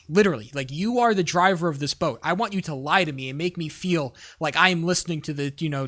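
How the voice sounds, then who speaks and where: A man's voice: on the high side, sharp tone. A man streaming live, coaching a caster in a blunt, profane, emphatic way with rambling restarts.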